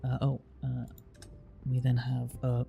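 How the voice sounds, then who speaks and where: A man's voice: mid-range voice, monotone, a little slow, vocal fry, breathy edge, lo-fi sound, soft background music. A man with an English accent chatting casually with live-stream viewers in a blunt, teasing way.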